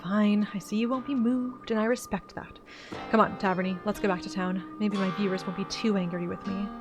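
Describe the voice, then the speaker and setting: A woman's voice: mid-range voice, steady tone, fairly quick, over music, lightly acted. A woman voicing an eager young woman who hunts monsters on video, in a voiced-over game, earnest and pleading.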